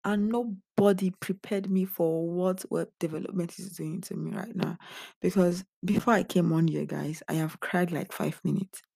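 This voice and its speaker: A young woman confides in her viewers, worn out and earnest. Her voice is low, gravelly and mellow. The sound is close and dry. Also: steady tone, normal speed, dry recording. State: emotionally drained. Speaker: vlogger. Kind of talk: candid personal vlog.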